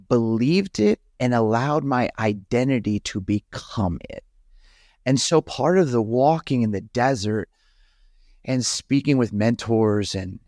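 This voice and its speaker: A middle-aged man speaks in a conversational interview, his voice sitting at an ordinary middle pitch. He talks earnestly and haltingly, often restarting his phrases as he works through his thoughts. The recording is close and dry, with no room sound. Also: a little mellow, no echo. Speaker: pastor, podcast guest.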